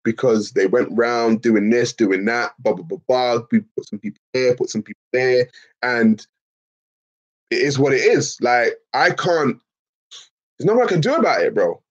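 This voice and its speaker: Husky-voiced Liverpool man chatting live. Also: medium pitch, animated, moderate pace, dull audio. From England. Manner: slangy and emphatic, peppered with bro and man. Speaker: live stream host reading chat. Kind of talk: casual livestream chat.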